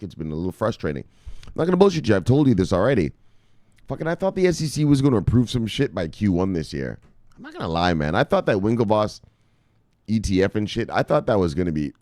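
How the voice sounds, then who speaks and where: Low-voiced, animated, profane vlogger man. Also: no echo, clean studio sound. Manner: profane, boisterous, laughing often. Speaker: crypto news vlogger. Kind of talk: casual commentary.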